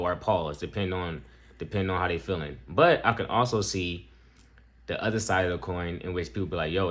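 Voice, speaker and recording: A young man with a low, deep voice talks over a video he is reacting to. He is loose and profane, drawling through his points, then rising sharply when he gets worked up. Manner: laid-back, profane, jumps to high excited peaks. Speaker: reaction streamer. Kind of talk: casual reaction commentary.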